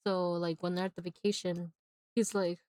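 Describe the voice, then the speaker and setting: A woman's voice: lowish voice, level tone, moderate pace, darkish tone, smooth, no room sound. A woman live-streaming while she draws, recapping a movie in rambling casual chat full of "like" and bursts of laughter. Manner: rambling, constant filler "like", breaks into laughter.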